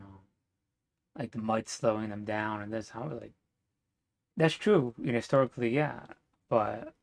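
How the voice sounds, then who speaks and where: A man vlogging his opinions in a rambling, blunt way, swearing often and filling gaps with fillers. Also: on the low side. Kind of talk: casual opinion monologue.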